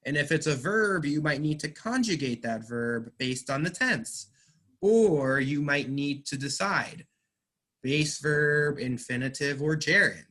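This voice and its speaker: A man teaching English, explaining slowly and patiently, stressing words. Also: on the high side, expressive, pushed and bright. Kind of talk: online class teaching.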